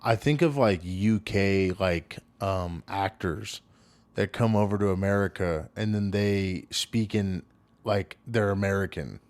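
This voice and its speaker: A man's voice: low-pitched, unhurried, darkish tone. A man hosting a podcast in casual conversation, easygoing, with short agreeing replies. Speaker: podcast host.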